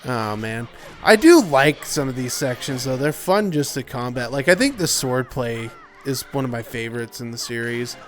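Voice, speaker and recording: Over slight background noise, a young man gives animated, medium-pitched gameplay commentary at a moderate pace. He's a let's play commentator who rambles casually, yawns from tiredness, and uses lots of filler words.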